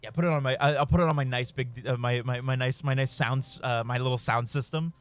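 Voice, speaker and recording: A man's voice: mid-range voice, fairly even intonation, a little fast, clean tone, faint music behind. A man streaming a game, rambling through a story in casual, profane chat with frequent chuckles. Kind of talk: casual storytelling while gaming.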